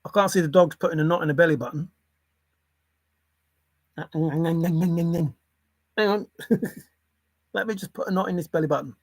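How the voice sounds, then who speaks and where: An older grandparent hosts a casual livestream, reading chat and rambling irreverently with offhand swearing. The voice is medium-pitched and a little mellow, slightly slow with long pauses, in a dry recording.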